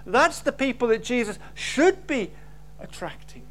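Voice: medium pitch, big pitch swings, a little slow, a bit bright, a little hiss or hum. Emphatic preacher. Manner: emphatic, with rhetorical questions. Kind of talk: sermon.

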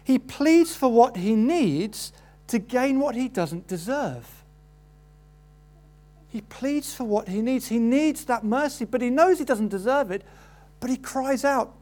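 Guy preaching, lively, acts out the crowd and the beggar. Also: unhurried. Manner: animated, acts out quoted voices with rising pitch. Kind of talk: sermon.

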